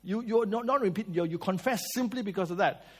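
A man preaches. His voice sits a little high for a man. He tells lively stories, swings between loud and soft, and asks his listeners questions. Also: a little fast, slightly rough. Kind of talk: sermon.

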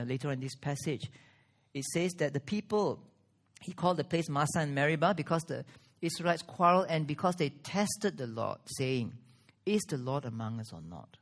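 Earnest male preacher. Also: a little high. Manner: earnest preaching with strong pauses and rising emphasis. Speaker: pastor. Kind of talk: sermon.

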